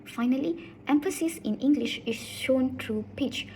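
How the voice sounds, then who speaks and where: A woman giving a student class presentation, reading in a steady, soft-spoken way. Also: high-pitched, unhurried, slight background noise, poor audio.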